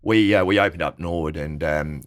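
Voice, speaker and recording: A man's voice: very deep voice, normal speed. A man in his fifties with an Australian accent, a business owner telling casual stories from his career as an interview guest, acting out the people he quotes. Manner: anecdotal, acts out quoted people with lifted voice.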